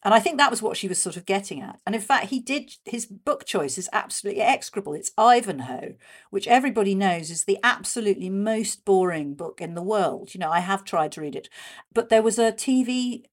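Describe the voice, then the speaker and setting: A woman speaking as an interview guest, chatty and animated, with many fillers and restarts. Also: medium pitch, brisk. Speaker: guest discussing a radio show's history. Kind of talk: conversational interview.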